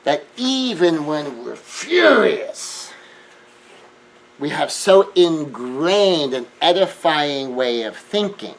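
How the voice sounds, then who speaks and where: A man giving an earnest self-help lecture, shifting between hushed remarks and emphatic raised lines. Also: on the high side, very animated, takes it slowly, creaky, slight background noise, rough recording. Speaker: speaker.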